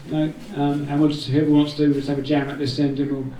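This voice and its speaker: A fast-talking man with a slightly high, mellow voice and little pitch movement barely pauses as he thanks the gathering. As the organiser, he keeps it informal, wandering a bit with jokes. He's heard at a distance in a spacious indoor community room.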